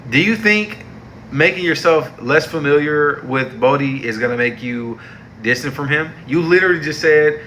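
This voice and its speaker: Bright-voiced young man ranting in slang. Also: a little high, moderate pace, a little hiss or hum. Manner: heated, slangy and exasperated, repeating himself for emphasis. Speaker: TV show reviewer. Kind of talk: casual ranting review.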